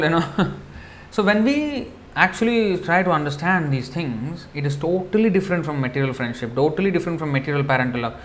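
A man giving a devotional lecture in a loose, conversational way, full of fillers, acting out quoted lines in a softer voice. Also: fairly high pitch, slight background noise. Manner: conversational, many fillers, acts out quoted dialogue softly. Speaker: preacher.

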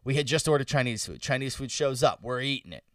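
A man's voice: medium pitch, fast, dry recording, recorded from a distance. A young man co-hosting a casual chat, telling stories with lots of swearing. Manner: animated storyteller, swears a lot. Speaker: podcast co-host. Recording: dry, a bit off-mic.

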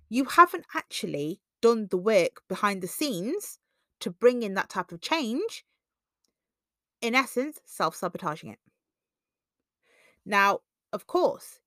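A woman hosts a self-help podcast in a relaxed, conversational monologue. She leaps into animated quoted voices now and then, and the recording is close and dry with no room sound. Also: dry recording. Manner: conversational, acts out quoted voices with big pitch jumps. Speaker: podcast host.

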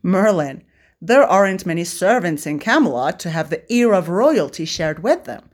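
A woman's voice: lowish voice, sing-song, moderate pace. A woman doing Arthur, a teasing young prince.

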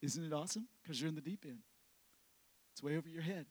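A man preaching a sermon as pastor. He swings from loud shouting to hushed whispers and repeats phrases for emphasis. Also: fairly high pitch, fast, husky.

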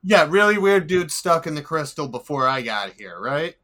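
A man playing a tabletop game, talking in a halting way with lots of fillers. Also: on the high side, sing-song, pushed and bright. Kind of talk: casual actual-play chat.

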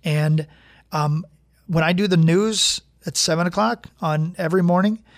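A male radio host chatting casually and quickly, with lots of fillers and restarts. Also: sits high, dry recording, clean studio sound. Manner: fast, animated talker with many fillers and restarts. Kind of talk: casual chat.

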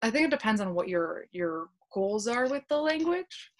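A woman, a podcast guest, chatting casually and telling stories with quick laughs and acted-out dialogue. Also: on the high side. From United States. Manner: lively storytelling, quick laughs, acts out dialogue. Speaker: podcast guest, language content creator. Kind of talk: casual interview chat.

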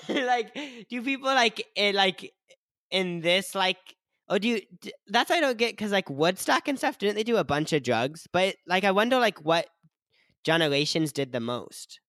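A young man whose voice swoops up and down with lively energy. He chats on a casual podcast, giggling and filling every pause with "like." The sound is dry and close. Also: sits high, no room sound. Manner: giggly, says "like" constantly, trails off. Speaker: podcast co-host. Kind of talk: casual chat.

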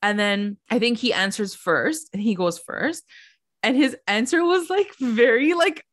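A woman's voice: a little high, unhurried, fairly bright tone. A young woman co-hosting a podcast, chatting casually and filling her talk with "like" as she acts out quotes. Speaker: podcast co-host. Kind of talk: casual recap chat.

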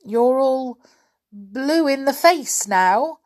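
A woman's voice: high-pitched, lively intonation, drawn-out words, darkish tone, voice pushed up, heavily acted. Woman doing a scolding toy bear. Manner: scolding, firm. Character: stern toy teddy bear, male.

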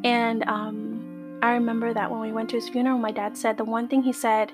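A woman, a guest, telling a true scary story in casual, slangy talk, excitable and now and then swearing or dropping into Spanish. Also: a little high, a little fast, over music.

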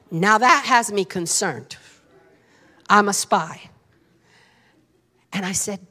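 A woman pastor tells a story in a sermon, animated and dramatic, and talks straight to the congregation. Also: medium pitch, slow pace, pauses often. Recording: long reverb of a large hall.

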